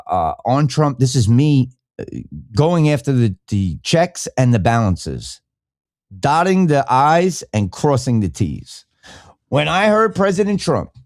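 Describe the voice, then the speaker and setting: A middle-aged man riffing loosely on a live podcast, swearing freely and jumping from point to point. His pitch swings widely as he gets worked up, and the sound is close and dry with no room around it. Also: a little mellow, no room sound. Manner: profane, rambling, fired-up and opinionated. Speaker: podcast host. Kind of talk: casual live-stream rant.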